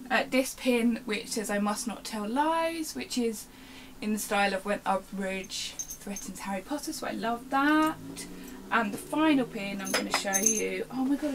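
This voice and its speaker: A woman's voice: fairly high pitch, gravelly, noisy background. A young woman, chatting casually to the camera at home in a rambling, self-interrupting way. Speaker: vlogger. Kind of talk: casual show-and-tell chat.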